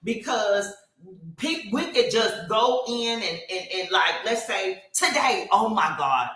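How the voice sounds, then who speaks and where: A woman chats on a podcast, her voice bright and forward. She tells stories with animated energy and frequent fillers. The room around her is echoey. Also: medium pitch, slow pace. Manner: animated storytelling with many fillers. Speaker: podcast co-host. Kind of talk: casual podcast chat.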